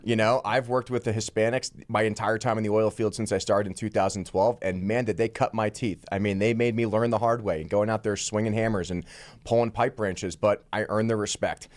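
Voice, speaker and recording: A man in his thirties, a congressional candidate, talking fast and assertively as a guest in a radio studio interview. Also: lowish voice, fairly even intonation. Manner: rapid, assertive, talks very fast.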